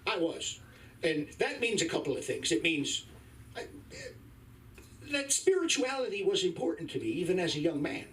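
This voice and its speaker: Man, 50s, profane stand-up comic, lively delivery, faint club noise behind. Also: on the high side, moderate pace, far from the mic. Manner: crude, profane, wry storytelling. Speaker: stand-up comedian. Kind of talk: stand-up comedy set. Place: comedy club stage, live.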